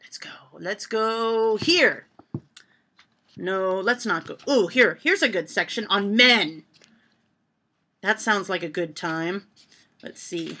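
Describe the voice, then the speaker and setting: This home vlogger is a woman with a medium-pitched, lively voice who talks slowly and leaves long pauses. She reads jokes from lists to her camera and laughs loudly at the punchlines, and a faint hiss or hum sits under the casual recording.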